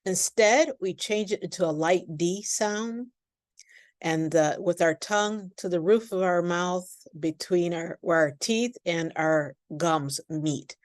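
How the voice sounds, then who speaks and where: A woman with an American accent teaching pronunciation in a recorded lesson, speaking slowly and enunciating each word for listeners to repeat. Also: on the low side, no room sound, clean studio sound. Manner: slow, deliberate, carefully enunciated.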